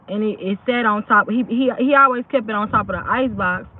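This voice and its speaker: A woman's voice: mid-range voice, a little fast. A woman casually telling a true story, rambling and often checking in with her listeners. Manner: rambling, keeps asking "you know what I'm saying". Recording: tinny phone-like audio.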